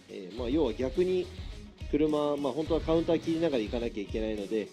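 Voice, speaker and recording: A man commentating on drift runs, talking quickly and switching between Japanese and English. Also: medium pitch, lively intonation, warm tone, faint music behind. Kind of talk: motorsport commentary.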